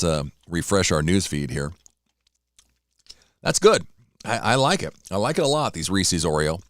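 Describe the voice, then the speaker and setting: A man's voice: low voice, no echo, studio quality. A man hosting a morning radio show, chatting casually on his own, rambling between sports scores and snacks. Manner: rambling, chatty, talks while eating. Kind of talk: casual solo radio talk.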